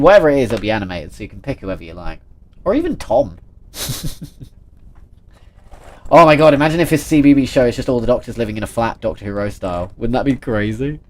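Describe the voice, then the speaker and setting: A man's voice: medium pitch, slight background noise. Chatty playful man streaming. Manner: chatty and playful, reads chat aloud and reacts with jokes. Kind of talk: casual livestream chat.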